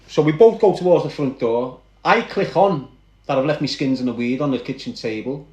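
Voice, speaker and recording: Man, Liverpool accent, high voice, echoey room, animated first-person storytelling. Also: normal speed. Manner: animated, addresses listeners directly. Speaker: guest recounting his past.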